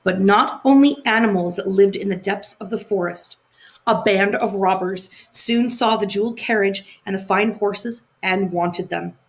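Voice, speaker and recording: A woman narrating a fairy tale aloud, expressive and sometimes correcting her own slips. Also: mid-range voice, unhurried. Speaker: audiobook narrator. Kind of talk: storybook reading.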